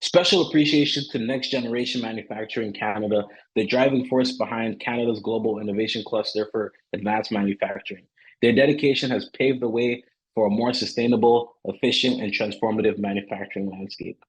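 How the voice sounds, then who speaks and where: A man's voice: on the low side, brisk, husky, rough recording. A man hosting an online panel, chatting loosely with fillers, then reading a formal closing. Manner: casual with fillers, then formal read-out outro. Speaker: host. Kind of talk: panel moderation and scripted closing.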